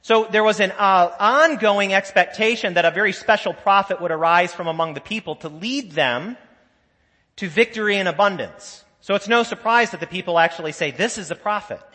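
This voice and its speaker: A man's voice: sits high, brisk, pushed and bright. A man preaching a sermon as a pastor, in a conversational storytelling way, with asides and voiced quotes from the people in his stories. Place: church sanctuary. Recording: long church reverb.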